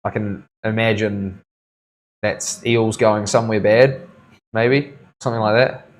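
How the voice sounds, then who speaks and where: A man's voice: on the low side, fairly even intonation, unhurried. A man with a New Zealand accent hosting a tattoo livestream in a studio, joking, laughing often and reading the chat aloud. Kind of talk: casual livestream banter.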